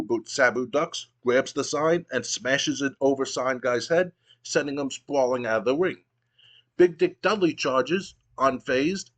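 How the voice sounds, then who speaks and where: A man's voice: a little high, fairly bright tone. A man narrating his wrestling sim playthrough in a casual, play-by-play way. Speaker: gaming video host.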